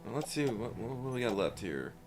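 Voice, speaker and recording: A man streaming a game and chatting casually, rambling and swearing with sudden excited outbursts. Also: medium pitch, a little fast. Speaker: let's play streamer. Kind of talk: casual gameplay chat. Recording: game music underneath.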